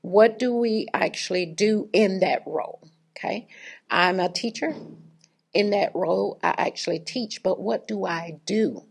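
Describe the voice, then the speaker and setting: A middle-aged woman with a raspy voice, giving a chatty, humorous faculty talk to an audience. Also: mid-range voice, measured pace. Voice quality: raspy, gravelly voice. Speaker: faculty speaker. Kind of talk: conversational lecture with anecdote.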